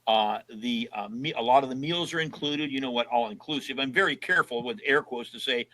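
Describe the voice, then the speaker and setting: Older man, seventies, bright forceful voice, casual storytelling, lively quoted dialogue. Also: medium pitch, a little fast, rough recording. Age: 70s. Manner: animated storyteller who acts out quoted dialogue. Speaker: podcast guest.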